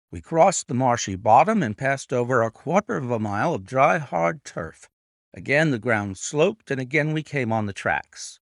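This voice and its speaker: A man reads a classic detective tale aloud, shaping each sentence with expressive storytelling. His pitch swings lively around a middle register, and the recording is close and dry with no room sound. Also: no room sound. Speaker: narrator and annotator. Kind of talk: audiobook narration.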